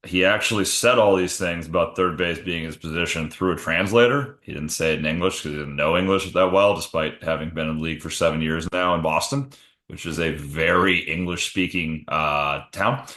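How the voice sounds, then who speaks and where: A man's voice: low-pitched, brisk, bright, forceful tone, echoey room. A man co-hosting a casual comedy sports podcast, swearing freely and spinning silly hypotheticals. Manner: jokey, profane, acts out bits in goofy voices. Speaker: podcast co-host.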